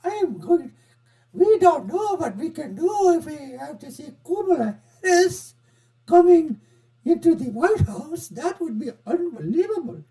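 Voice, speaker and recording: A man putting on an exaggerated Indian accent for a high, strained, mocking caricature voice. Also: big pitch swings, measured pace, mellow, heavily acted. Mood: mock panic. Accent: put-on Indian accent.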